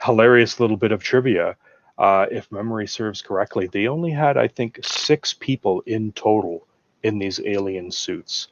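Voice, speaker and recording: Animated man on a dull lo-fi mic. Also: lowish voice, normal speed, no echo. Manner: animated, acts out film dialogue. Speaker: guest. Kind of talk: casual chat about films.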